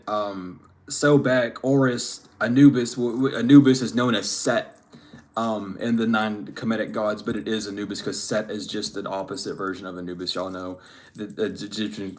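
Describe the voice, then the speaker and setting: A man giving a casual spiritual reading to camera, talking bluntly and profanely, rambling with frequent restarts. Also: lowish voice. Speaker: spiritual reader.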